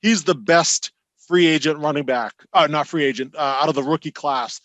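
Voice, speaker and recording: A man's voice: on the high side, normal speed, a bit bright, no echo. Rambling male sports podcaster. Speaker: podcast co-host. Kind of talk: casual sports chat.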